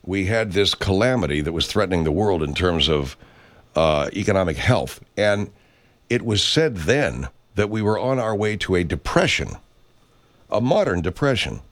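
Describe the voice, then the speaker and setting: A man's voice: low voice, expressive, normal speed. A man delivering an angry, profane, sarcastic political rant as a commentary host.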